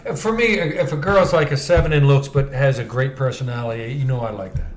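A man, co-hosting a podcast and telling stories in a loud, animated, profane way, acting out what people said. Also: mid-range voice, brisk. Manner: animated, profane, acts out quotes loudly. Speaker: podcast co-host. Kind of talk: casual storytelling chat.

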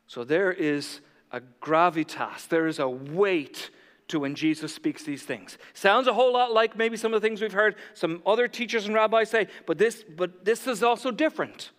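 A man preaching a sermon, animated and conversational, acting out the voices of his listeners. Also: high-pitched, normal speed, big-room sound. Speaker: pastor.

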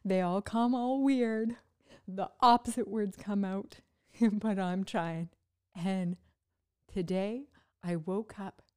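A woman talking casually to her listeners, speaking haltingly with word-finding pauses, restarts and self-mocking laughs. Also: mid-range voice, steady tone, darkish tone, clean tone. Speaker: podcast host recovering from brain injury. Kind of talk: casual personal monologue.

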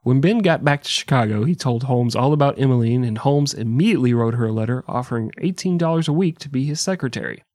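A man's voice: mid-range voice, animated, fast, few pauses, darkish tone, dry recording, clean studio sound. A man co-hosting a casual comedic history podcast, joking and laughing often as he tells the story. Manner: jokey, laughs often, breaks into mock singing. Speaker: podcast co-host.

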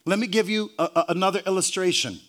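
Preaching fast in a high voice, a man punctuates his phrases with hallelujah, stumbles and repeats himself, jokes with the congregation, and works up to shouts.

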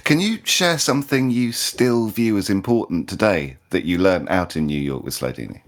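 A man's voice: deep voice, expressive, normal speed. A man hosting an interview, mostly offering brief affirmations and asking open questions. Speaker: podcast host. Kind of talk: casual interview.

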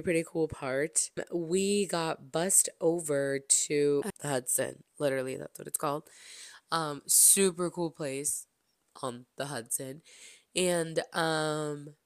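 Young female podcast host, low voice, dry close mic, dramatic, gushing storyteller. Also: no room sound. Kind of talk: excited storytelling to listeners.

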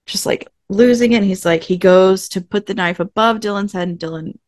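A woman's voice: mid-range voice, brisk, no echo. Woman recapping a show, dry close sound. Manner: animated retelling, acts out characters' lines. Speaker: podcast co-host. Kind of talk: casual recap chat.

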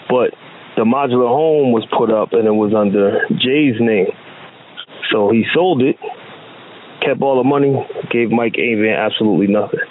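A man from New Jersey talking casually and emphatically on a phone call, with many restarts. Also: mid-range voice. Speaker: phone guest. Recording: tinny phone line with faint hiss.

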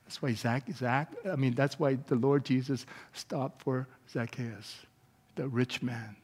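A man preaching a sermon as pastor, moving between calm teaching and loud, animated outbursts. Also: mid-range voice, measured pace, slightly rough, in a large hall. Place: church sanctuary.

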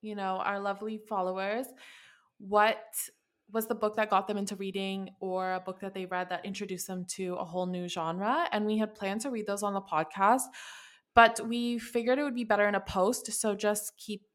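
A woman's voice: medium pitch, steady tone, normal speed. A woman co-hosting a book podcast, chatting casually and joking around. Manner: chatty, jokey, breaks into playful voices. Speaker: podcast co-host. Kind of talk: casual chat.

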